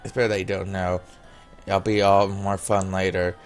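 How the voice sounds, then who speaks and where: A man reads aloud every character's lines from a visual novel in his own plain voice, occasionally stopping for casual remarks. His voice is low-pitched with little pitch movement, and he speaks at a normal speed.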